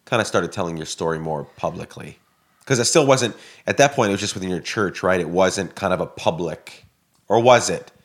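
A man hosting an interview, asking curious, probing follow-up questions. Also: deep voice. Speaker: host.

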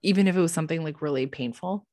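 A woman's voice: low voice, very fast, no echo, studio quality. A young woman hosting a casual chat, telling a story animatedly with plenty of "like" and swearing. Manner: animated, swears freely, lots of "like". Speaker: podcast co-host.

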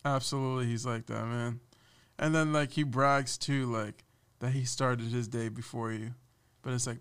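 With a medium-pitched, clean voice at normal speed, a young man talks casually as a podcast guest. His chat is lively and full of laughter, and he loudly imitates his boss while telling stories.

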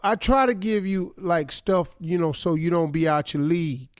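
A man's voice: on the high side, normal speed, dry recording, clean studio sound. A man co-hosting a radio show, bluntly ribbing a colleague. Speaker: radio co-host. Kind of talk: casual studio banter.

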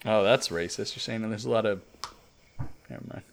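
A man's voice: fairly low pitch, a little fast, creaky, slight background noise. A man in casual chat with friends, throwing in dry, teasing quips.

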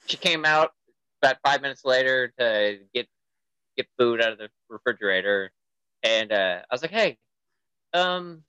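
A man chatting casually, his voice swinging up and down as he tells a story. His tone is bright and forward, recorded close and dry. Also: mid-range voice, a little slow, long pauses, clean tone, no echo, lo-fi sound. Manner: animated storyteller, lots of "like" fillers. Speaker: dad telling a story. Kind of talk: casual chat.

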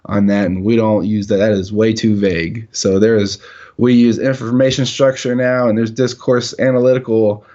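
A man's voice: fairly low pitch, flat delivery, moderate pace, mellow, lo-fi sound. A man teaching a Hebrew text in casual dialogue, asking pointed questions and correcting terms with dry jokes. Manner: questioning, exacting, jokey. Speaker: teacher leading a Hebrew reading session.

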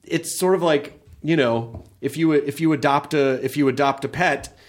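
Animated, joking man on a podcast. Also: fairly high pitch, normal speed. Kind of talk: casual podcast chat.

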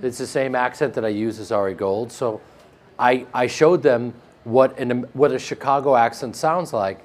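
A man with a flat Midwestern American accent, interviewed about his acting work, joking and self-deprecating with frequent restarts. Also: mid-range voice, moderate pace. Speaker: actor interviewed. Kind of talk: casual interview chat.

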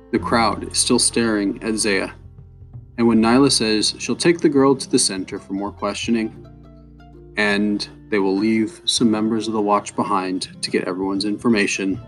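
A man with a fairly low voice narrating a fantasy tale at a measured pace. Soft guitar plays quietly behind him. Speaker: storyteller. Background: soft guitar music.

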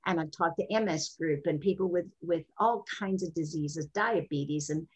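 Older female guest, husky, lower-pitched, animated storyteller. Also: moderate pace, rough recording. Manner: expressive, jumps into high voices when quoting. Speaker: sexologist and guest.

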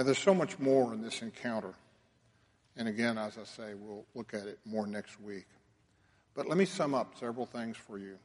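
Male pastor, middle-pitched voice, earnest sermon delivery that swells and falls, recorded with long church-hall reverb. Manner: earnest preaching, swelling and dropping in loudness.

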